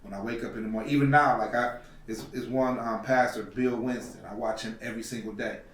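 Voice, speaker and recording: A man's voice: medium pitch, steady tone, fast, far from the mic, slight background noise. A man telling a personal story on a podcast, acting out the voices of the people in it. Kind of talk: storytelling in casual talk. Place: podcast studio. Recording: roomy echo from off mic.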